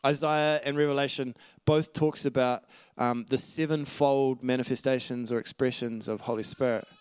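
A man preaches a sermon in a clear, resonant, medium-pitched voice, keeping a steady tone and moderate pace. He teaches earnestly from scripture, adds asides to the congregation, and laughs lightly now and then. There's no room sound.

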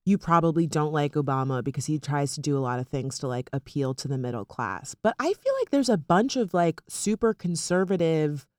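Woman, low voice, ranting casual and sarcastic, dead dry sound. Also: a little fast, few pauses, dry recording. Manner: animated, sarcastic, lots of fillers. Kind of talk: casual political chat.

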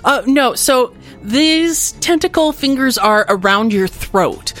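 A woman's voice: high voice, expressive, slow, fairly bright tone, faint music behind. A woman narrating as game master of a tabletop game, patiently explaining the rules.

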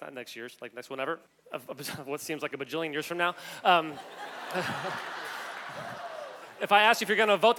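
A man, an executive coach, giving a joking, animated conference talk and addressing the audience directly. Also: fairly high pitch. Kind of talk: energetic humorous stage talk. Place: large hall on a conference main stage. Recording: long hall reverb.

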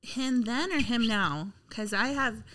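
A woman's voice: a little high, slow, over a noisy crowd. A chatty woman in a casual podcast conversation, summing up points from her notes. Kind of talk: casual chat.

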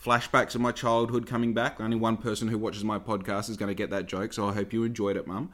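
A man's voice: fairly low pitch, flat delivery, quick pace, fairly bright tone. A young man hosting a podcast, telling a long story in a rambling, digressive way and swearing a lot. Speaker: podcast host. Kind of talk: casual storytelling.

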